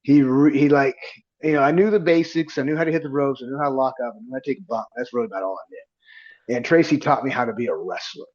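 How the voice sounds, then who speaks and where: A man's voice: medium pitch, fast talker, lo-fi sound. Man in his forties telling wrestling stories. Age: 40s. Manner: animated storyteller who acts out quoted dialogue. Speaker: guest, independent pro wrestler. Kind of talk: casual storytelling in a podcast interview.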